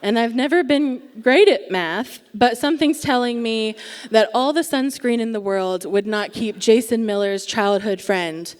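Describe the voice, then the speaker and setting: A young woman with a slightly high voice spins a wry, self-mocking story from a theatre stage. She takes her time, leaning on deliberate pauses for comic effect. Her voice carries a long reverb off the big hall around her. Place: theatre stage before a live audience.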